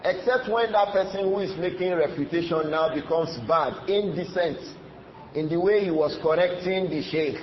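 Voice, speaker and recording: A man giving a religious lecture, explaining a classical text in repetitive, emphatic English. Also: on the high side. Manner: reads Arabic passages quickly, then explains them in repetitive, emphatic English. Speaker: Islamic teacher. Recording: roomy, slightly dull recording with faint noise.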